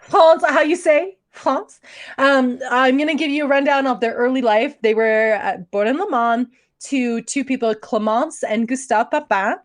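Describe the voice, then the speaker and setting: Woman, podcast co-host, casual storytelling, giggly, slightly high voice. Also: normal speed, few pauses, no echo. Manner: giggly, chatty, trails into laughs.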